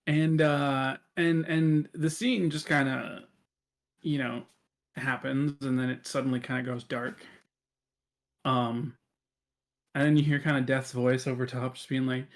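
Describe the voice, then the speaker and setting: A man's voice: mid-range voice, little pitch movement, a little slow, pauses often. A man narrating a tabletop game as game master, with a rambling, hesitant delivery full of fillers.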